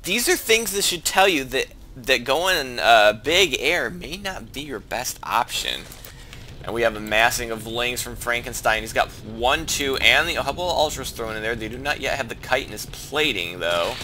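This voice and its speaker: A man talks through his own strategy game in a casual play-by-play, his voice sitting at an ordinary middle pitch. He thinks aloud, trips over his words and restarts often, then lifts his voice when the fighting picks up. A clear, steady background noise runs under the whole recording. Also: moderate pace. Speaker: channel host commentating his own team game.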